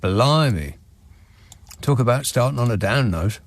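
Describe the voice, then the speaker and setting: A man's voice: medium pitch, lively intonation, a little slow. A man hosting a radio show, reading out listener messages with dry, sardonic asides from a studio microphone. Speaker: radio talk show host.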